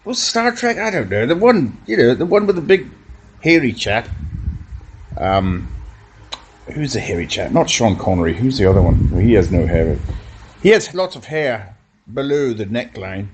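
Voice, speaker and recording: A man hosting a comedy podcast, rambling through absurd deadpan jokes and puns that he keeps correcting himself on. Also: medium pitch, moderate pace, noisy background.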